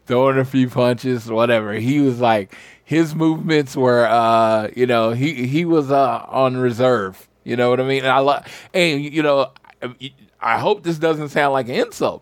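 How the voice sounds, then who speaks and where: A man's voice: mid-range voice, no echo. A man co-hosting a wrestling podcast, talking casually and rambling with lots of fillers. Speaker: podcast co-host.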